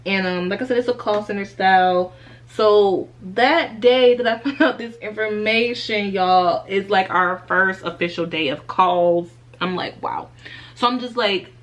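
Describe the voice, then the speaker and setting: Chatty young woman telling a candid story. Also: mid-range voice. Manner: chatty, addresses viewers as y'all and baby, laughs through a sad story. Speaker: vlogger. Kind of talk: candid life-update storytelling.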